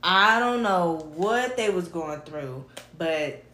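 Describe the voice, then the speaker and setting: Woman, tarot reader, casual and animated, slangy, echoey room, faint background hiss. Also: lowish voice, slow pace. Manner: animated, slangy, bursts of laughter and humming.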